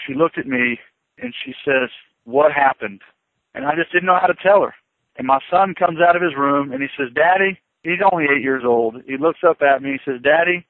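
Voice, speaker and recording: A police chief speaks earnestly, his feeling rising as he talks as a radio guest. His man's voice sits a little high. The sound is tinny and dry, like a phone line. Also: no room sound. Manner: earnest, emotional, impassioned.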